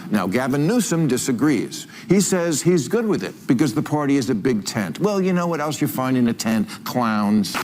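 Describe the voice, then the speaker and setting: A man's voice: mid-range voice, big pitch swings, brisk, few pauses, a little mellow. A man performing a scripted satirical monologue as a talk host, mocking and sarcastic, landing punchlines. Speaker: political comedy talk host.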